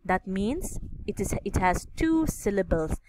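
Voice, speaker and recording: A woman's voice: mid-range voice, very animated, a little slow, a little mellow, slight background noise, low-quality recording. A woman teaching an English grammar lesson, explaining step by step and checking understanding with a frequent "okay?".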